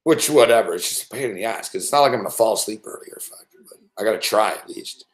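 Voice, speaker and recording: A man's voice: lowish voice, animated, quick pace. A man hosting a late-night sports betting show, ranting casually and swearing constantly as he rambles. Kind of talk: late-night live stream rant.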